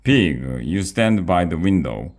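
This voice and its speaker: A man's voice: low-pitched, sing-song, slow pace, a little mellow, exaggerated voice. A man reading aloud, voicing a fussy male wizard who gives orders and chants a spell. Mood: bossy.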